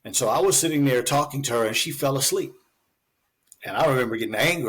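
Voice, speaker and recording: A man's voice: mid-range voice, fast, fairly bright tone, husky. A man, a physician guest on a talk show, telling his story in a loose, chatty way with many fillers. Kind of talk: conversational storytelling interview.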